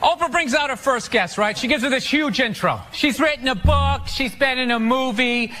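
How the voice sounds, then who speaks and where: A man doing stand-up comedy, ranting loudly with lots of swearing and mock voices. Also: very high voice, normal speed, few pauses. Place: theater stage with live audience. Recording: live audience laughter and stage noise.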